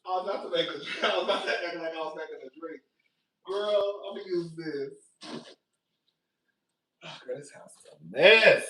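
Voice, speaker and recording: A man's voice: on the high side, moderate pace, pauses often, a little hiss or hum. A man talking to his viewers in a casual gossip vlog from his apartment, laughing often and swearing, repeating lines as he tells a story. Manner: laughing, animated, profane, repeats himself. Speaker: commentary vlogger.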